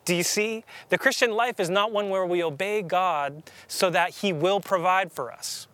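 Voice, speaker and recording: A man preaching a sermon as a pastor, earnest and emphatic, slowing down to stress key phrases. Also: high-pitched, a bit bright, no room sound.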